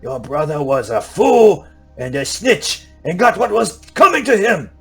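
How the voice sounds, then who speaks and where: A man's voice: high voice, very animated, a little slow, gravelly, a bit bright, husky, soft background music, pitched above the performer's own voice, full character voice. A man voicing a defiant male corporate fixer who speaks in a clipped way.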